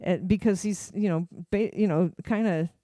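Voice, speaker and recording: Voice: medium pitch, normal speed, dark tone, no room sound. Rambling radio host, dry close sound. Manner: rambling, lots of fillers and restarts; acts out quoted voices. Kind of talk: casual chat.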